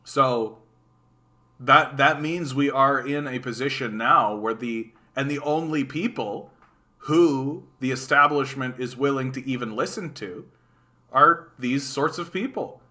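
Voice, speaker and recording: Canadian man, bright voice, sarcastic live-stream commentary, quick restarts, animated. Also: mid-range voice. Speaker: political streamer. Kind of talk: casual live-stream commentary reading chat.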